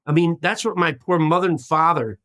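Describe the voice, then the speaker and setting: Animated older man telling a story. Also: a little high, fairly quick, dry recording. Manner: animated storyteller acting out quoted voices. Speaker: guest, former hostage. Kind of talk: storytelling in a podcast interview.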